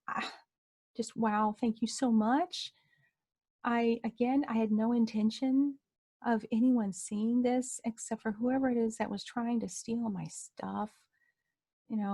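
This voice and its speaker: High-pitched woman, casual spoken testimony, animated, acts out the quoted voices. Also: creaky. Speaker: storyteller sharing a personal testimony.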